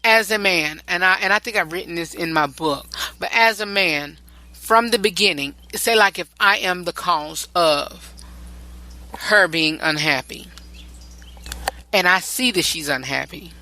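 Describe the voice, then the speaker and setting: A man's voice: high-pitched, a little slow, sharp tone, slight background noise, poor audio. A male podcast host giving relationship advice in a rambling, repetitive and preachy solo talk.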